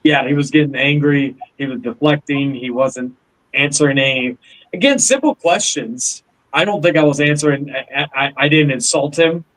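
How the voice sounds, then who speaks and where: Sex: male. Role: livestream host. Pitch: fairly high. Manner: halting and repetitive, pressing hard questions. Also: a bit bright, poor audio. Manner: stammering, repeats words, pointed questions. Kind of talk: heated livestream call discussion.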